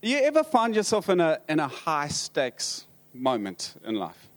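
Speaking with a South African accent, this male pastor shares humorous anecdotes in a sermon, his fairly high pitch swinging hugely. He stops and restarts a lot, and his wit is dry.

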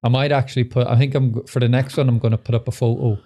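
A man's voice: medium pitch, level tone, racing, dark tone. A man hosting a casual podcast, rambling loosely and laughing easily. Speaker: podcast host.

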